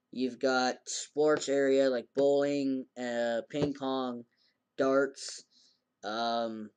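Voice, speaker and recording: A man's voice: medium pitch, a little mellow, clean tone. A man casually recapping an anime episode in a rambling way, acting out the characters' lines in a raised voice. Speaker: anime reviewer.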